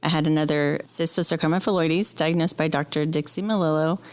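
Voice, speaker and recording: Woman, low voice, candid, emotional, podcast guest storytelling. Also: steady tone, a little fast. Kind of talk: personal interview conversation.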